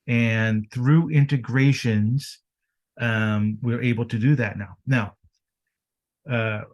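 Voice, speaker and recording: A man talking business as a podcast guest, energetic and fond of rhetorical questions. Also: mid-range voice, takes it slowly, dull audio. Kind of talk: casual business chat.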